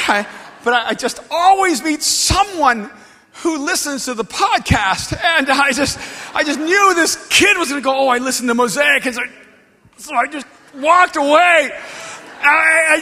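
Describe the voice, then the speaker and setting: High-voiced, animated middle-aged man preaching. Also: normal speed. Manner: animated, swings from hushed to shouting. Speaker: pastor. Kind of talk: sermon with personal storytelling. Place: large church gathering hall. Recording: long reverb of a big hall.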